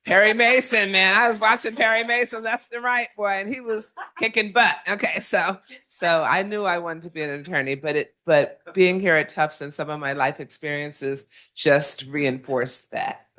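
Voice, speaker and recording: A woman's voice: on the low side, moderate pace, few pauses, pushed and bright. A woman alumna on a panel, speaking playfully and humming a tune. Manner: playful, hums a theme tune. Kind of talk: casual panel talk.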